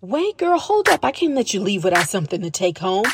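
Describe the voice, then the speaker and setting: A woman putting on a bossy, doting auntie who won't let a guest leave empty-handed, in a quick, loud, sing-song voice. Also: mid-range voice, very animated, background noise.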